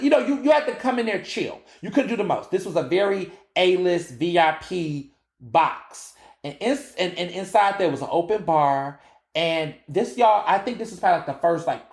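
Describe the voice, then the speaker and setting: A man in his thirties hosting a podcast, telling a story in a casual, animated way and swearing freely. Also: on the high side, reverberant. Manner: animated, acts out quoted dialogue, swears freely. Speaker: podcast host.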